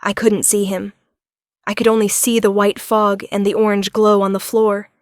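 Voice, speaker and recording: A woman's voice: mid-range voice, flat delivery, moderate pace, dry recording, clean studio sound. A woman giving dramatic first-person audiobook narration of a tense thriller.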